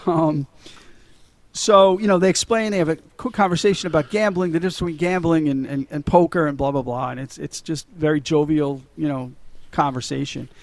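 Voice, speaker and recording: A man's voice: a little high, fairly even intonation, fairly quick, creaky, no echo. A middle-aged man co-hosting a podcast, retelling movie scenes in a casual, laughing way with frequent swearing. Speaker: podcast co-host. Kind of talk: casual movie-recap chat.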